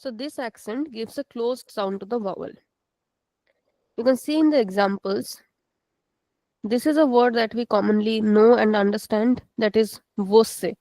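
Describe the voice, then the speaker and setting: A patient woman teaching an online language lesson to students, repeating words slowly and explaining each sound. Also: fairly high pitch, dark tone, no room sound, low-quality recording.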